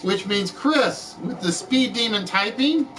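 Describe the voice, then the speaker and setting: A man hosting a live-streamed chat game show, with showy, drawn-out announcing. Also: sits high, expressive, bright, forceful tone, distant mic.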